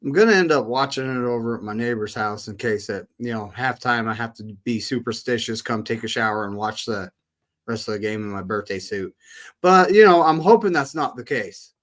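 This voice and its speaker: A man of middle pitch chatting easily about his game-day plans. He talks in a relaxed, unhurried way and stumbles over a word now and then. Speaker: podcast co-host. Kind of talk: casual fan chat.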